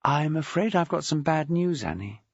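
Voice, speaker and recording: A man voicing a tactful, measured woman detective in a storybook reading. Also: fairly high pitch, expressive, gravelly, slightly rough, no room sound, lo-fi sound, pitched above the performer's own voice, full character voice.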